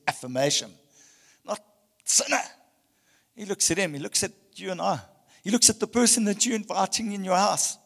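A male pastor preaching a passionate sermon, swinging between loud emphasis and hushed tones. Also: high-pitched, vocal fry, slightly rough, big-room sound. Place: church hall.

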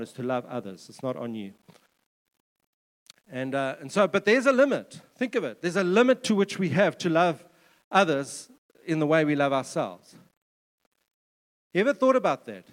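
A man's voice: fairly high pitch, sing-song, moderate pace, pauses often, in a large hall. A man preaching a sermon in a conversational way, with joking asides and repeated words. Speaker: pastor.

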